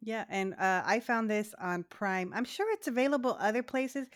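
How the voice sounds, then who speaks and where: A woman's voice: a little high, moderate pace, no echo, clean studio sound. A woman co-hosting a casual podcast conversation. She jokes around and keeps restarting her sentences. She sounds loose and unscripted. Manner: playful, joking, self-interrupting. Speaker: podcast co-host. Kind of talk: casual chat.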